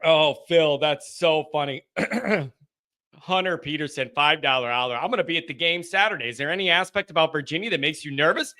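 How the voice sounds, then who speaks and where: High, bright-voiced male live-stream host. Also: brisk. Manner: animated, ranting and sarcastic. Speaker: host of a live fan call-in show. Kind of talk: casual live-stream chat reading viewer comments.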